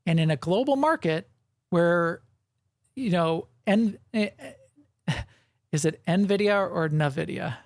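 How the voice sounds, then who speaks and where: A man's voice: sits high, animated, slow, pauses often, no room sound, clean studio sound. A man co-hosting a gaming podcast in casual chat, rambling and correcting himself, with frequent chuckles. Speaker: podcast co-host.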